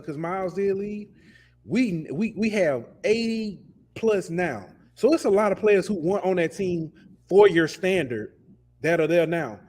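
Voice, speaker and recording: Man, sports podcast host, passionate, casual, repeats himself, slightly high pitch. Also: a little mellow. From lives in Alabama. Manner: passionate, ranting, repeats words.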